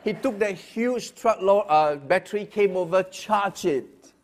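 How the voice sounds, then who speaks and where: A middle-aged man from Singapore, a pastor giving a personal testimony. He tells it as a story, dropping to a hush and then rising loud and lively, often repeating words. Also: sits high, unhurried.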